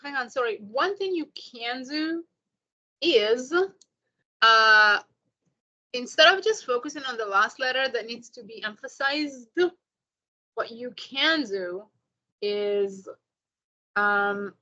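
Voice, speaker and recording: A woman tutor on a video call, modelling words for her student and cheering him on. Her voice is bright and a little high, and the audio comes through dull and lo-fi. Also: slow pace, long pauses. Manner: encouraging, corrects pronunciation by repeating words. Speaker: Spanish tutor. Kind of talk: online one-on-one lesson.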